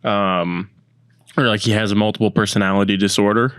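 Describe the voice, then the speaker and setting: A man chatting loosely on a podcast, his voice sitting a bit low and close to the microphone with no room sound. He rambles through his points with many fillers and restarts. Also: steady tone, brisk, a bit bright, smooth, dry recording. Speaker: podcast co-host. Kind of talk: casual chat.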